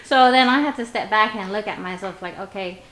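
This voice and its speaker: A woman's voice: mid-range voice, fairly quick, a bit bright. A woman speaking as a guest on a casual podcast, candid and blunt in her talk. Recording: echoey room.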